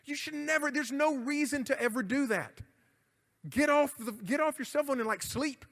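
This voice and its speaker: A man's voice: very high-pitched, normal speed, fairly bright tone. A middle-aged man, preaching a youth sermon in an emphatic, conversational way with jokes. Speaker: youth pastor. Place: church hall. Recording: church hall reverb.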